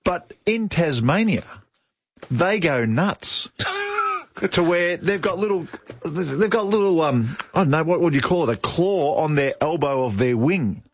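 An Australian man trades banter on breakfast radio in a chatty, jokey way, his slightly high voice bouncing all over the place. The sound is dry and a bit muffled, like a broadcast studio mic. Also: expressive, moderate pace, dry recording. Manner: jokey, chatty, laughs often. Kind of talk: casual chat.

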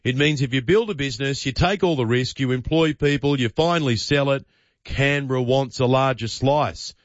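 A man's voice: medium pitch, normal speed, no echo, muffled recording. Punchy Australian male radio host. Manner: punchy, emphatic rhetorical delivery. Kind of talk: opinion commentary on radio. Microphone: studio microphone.

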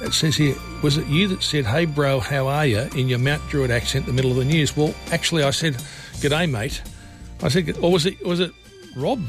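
An Australian man hosts a late-night radio show from a studio mic. His voice is gravelly and pitched a bit high for a man, with faint music under it. He talks in a chatty, rambling way, full of filler sounds. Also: quick pace. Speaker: radio host. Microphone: studio microphone.

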